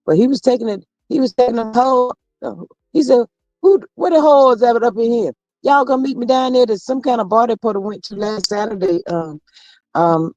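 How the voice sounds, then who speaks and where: A woman's voice: medium pitch, darkish tone, dry recording. A woman hosting a livestream, chatting casually about celebrity gossip, reading viewer comments aloud and exclaiming often. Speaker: livestream host.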